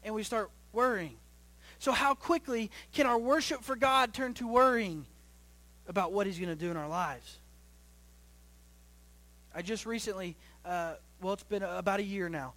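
High-voiced young man preaching a sermon. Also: moderate pace. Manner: preaches in rising bursts, then drops low and quiet; repeats phrases and restarts often. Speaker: pastor.

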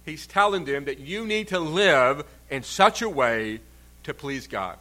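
A man's voice: on the high side, lively intonation, measured pace, sharp tone. A man preaching a sermon in an earnest, emphatic way, stretching out key words for stress. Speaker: pastor.

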